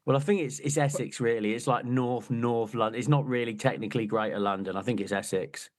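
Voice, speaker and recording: A man's voice: medium pitch, steady tone, fairly quick. A man co-hosting a podcast, chatting casually about a football book with a wry, joking manner. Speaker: podcast co-host. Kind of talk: casual chat.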